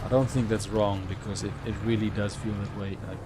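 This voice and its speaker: A young man chatting through a live game stream, rambling about his play and breaking into sudden excited shouts. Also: lowish voice, brisk, very noisy. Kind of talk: live gameplay commentary.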